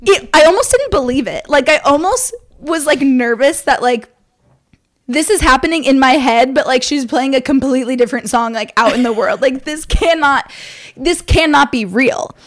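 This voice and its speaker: A young woman co-hosting a casual podcast, telling an excited story fast with lots of fillers. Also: sits high. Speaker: podcast co-host. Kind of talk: casual chat.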